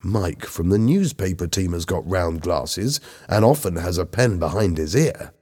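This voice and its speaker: A man's voice: deep voice, animated, unhurried, dark tone, big-room sound. A man doing an earnest teenage schoolboy.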